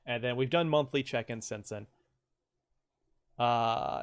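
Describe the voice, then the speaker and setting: A man's voice: medium pitch, animated, brisk, a bit bright. A man hosting a game stream, joking crudely and rambling between laughs in casual commentary.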